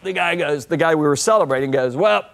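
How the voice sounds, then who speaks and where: Animated man telling faith stories. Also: fast, creaky. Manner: lively, swings pitch up and down while telling stories. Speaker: guest speaker on a TV talk show. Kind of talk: animated storytelling sermon-talk.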